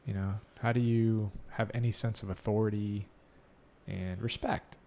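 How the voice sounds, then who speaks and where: A man hosting a podcast, talking in a casual, opinionated way and telling stories in a lively manner. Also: on the low side, moderate pace, creaky. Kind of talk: casual conversation.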